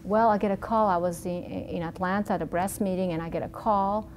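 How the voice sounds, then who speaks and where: A woman's voice: mid-range voice, fairly quick, a little hiss or hum. A middle-aged woman with a Yugoslav accent, a doctor guesting on an interview show, telling a personal story and acting out the dialogue with many restarts. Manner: animated storyteller who acts out dialogue, frequent restarts.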